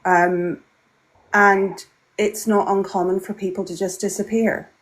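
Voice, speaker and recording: A woman guest in a casual conversation, speaking in a measured, hesitant way with many pauses and fillers. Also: mid-range voice, little pitch movement, noisy background.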